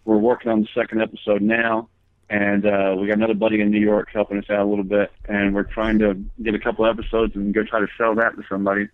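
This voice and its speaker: A man's voice: lowish voice, monotone, quick pace, no room sound. A man talking as a guest comedian in a casual interview, telling long rambling stories with many fillers and restarts. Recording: tinny phone line.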